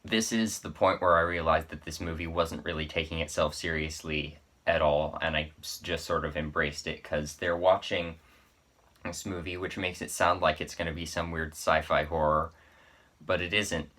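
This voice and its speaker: Male film reviewer, casual spoken review, bright timbre, rambling with self-corrections. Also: extremely low pitch, fairly even intonation, normal speed.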